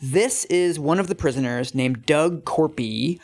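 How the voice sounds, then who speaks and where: A man's voice: fairly high pitch, unhurried, a little mellow. A man co-hosting a podcast, explaining a story in a wry, casual way. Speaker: podcast co-host.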